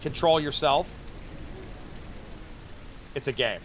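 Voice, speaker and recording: A man's voice: on the high side, takes it slowly, fairly bright tone, a little hiss or hum. A man streaming a game, chatting and joking to his viewers as he plays. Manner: joking, chatty, talks to himself while playing. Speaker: VTuber streamer. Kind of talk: casual gaming commentary to chat.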